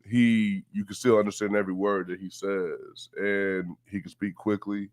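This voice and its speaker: A man's voice: fairly low pitch, little pitch movement, normal speed, no room sound. A man from Houston with a Southern accent, telling stories in a laid-back, profane interview chat and laughing often. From Houston, Texas. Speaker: guest. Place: radio station studio.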